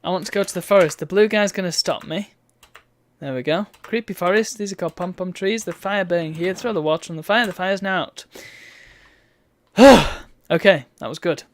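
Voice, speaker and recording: A streamer plays through an old adventure game, reading its prompts aloud and adding dry, bemused remarks. The voice is mid-pitched and conversational. Faint noise and keyboard clicking sit behind it. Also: normal speed. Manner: wry, bemused asides between read-out lines.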